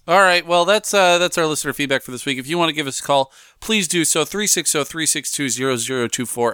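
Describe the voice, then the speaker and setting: A man's voice: medium pitch, bright, forceful tone, clear, resonant tone, no room sound, clean studio sound. A man co-hosting a podcast, playful and self-mocking, laughing often as he chats. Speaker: podcast co-host. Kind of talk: casual podcast banter.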